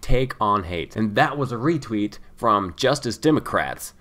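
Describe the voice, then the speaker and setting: A man's voice: lowish voice, animated, measured pace, fairly bright tone. A man giving sarcastic commentary over news clips in a vlog. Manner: sarcastic, mocking. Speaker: political commentary vlogger.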